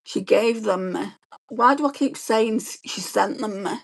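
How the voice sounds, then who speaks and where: A woman, chatting quickly and rambling as she does her makeup and reads viewer comments on a beauty livestream. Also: medium pitch, vocal fry. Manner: fast-talking, chatty, rambling. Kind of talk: casual chat while doing makeup and reading live comments.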